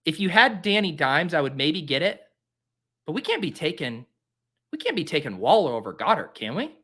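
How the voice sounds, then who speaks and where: A man's voice: fairly high pitch, sing-song, moderate pace, bright, forceful tone, slightly rough. A man hosting a fantasy football show, talking casually and mocking himself as he drafts live and talks to his viewers.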